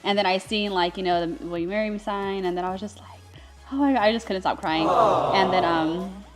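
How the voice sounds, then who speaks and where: A woman's voice: medium pitch, a little fast, over loud music. A young adult woman co-hosting, telling a story casually and animatedly, laughing often and getting emotional. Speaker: co-host recounting her engagement.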